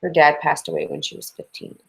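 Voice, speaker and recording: A woman's voice: brisk, low-quality recording. A woman co-host reading listener questions aloud from messages. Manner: reads messages aloud, spelling names.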